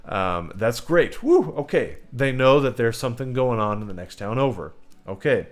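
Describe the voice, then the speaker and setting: A man's voice: medium pitch, animated, normal speed. A man hosting a livestream who gives tabletop game-master advice, emphatic and rambling, talking straight to his viewers. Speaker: host teaching game masters.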